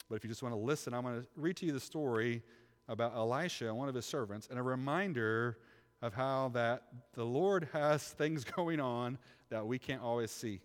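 A male pastor delivers a sermon, retelling scripture and dramatizing its characters. His voice sits at an ordinary middle pitch for a man. The sound carries a long reverb from a large hall. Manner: animated storytelling, acting out biblical figures.

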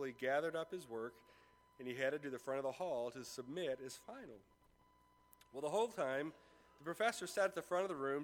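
A man's voice: medium pitch, a bit bright. Man preaching a sermon in a reverberant church. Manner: storytelling with acted-out dialogue. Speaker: pastor. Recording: long reverb of a large room.

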